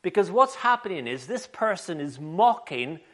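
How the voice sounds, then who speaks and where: A man preaching a sermon in an animated, conversational storytelling way. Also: high voice, moderate pace.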